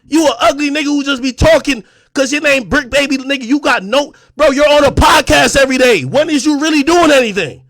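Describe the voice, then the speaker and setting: A man hosting a livestream, trash-talking aggressively with heavy profanity, swinging between shouting and low muttering. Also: fairly quick, creaky, hardly any pauses. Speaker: livestream host. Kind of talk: ranting livestream talk.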